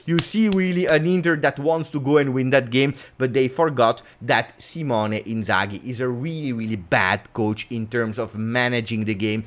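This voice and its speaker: Animated Italian-accented man. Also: medium pitch. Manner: animated, emphatic, sudden swings in loudness; peppers English with Italian exclamations. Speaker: football channel host. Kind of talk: football recap vlog.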